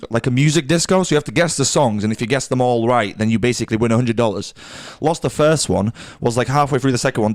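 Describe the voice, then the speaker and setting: A young man, a podcast co-host telling a long story in casual banter, stammering and swearing freely. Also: medium pitch.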